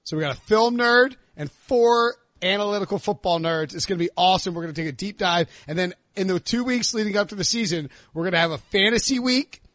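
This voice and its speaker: A man's voice: high-pitched, fairly quick, hardly any pauses, fairly bright tone, no room sound. A man in his thirties hosting a casual sports podcast and teasing his co-hosts. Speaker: podcast host.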